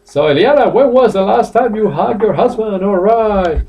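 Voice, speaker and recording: A man teaching a live online English class, laughing often and repeating phrases slowly for his students; he says he is a little tired. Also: sits high, animated, darkish tone.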